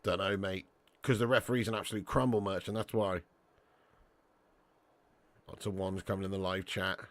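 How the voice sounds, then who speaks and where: A man's voice: low-pitched, fairly even intonation, moderate pace, fairly bright tone. A young man hosting a casual live watch-along, reading chat and bantering with viewers as lad and mate.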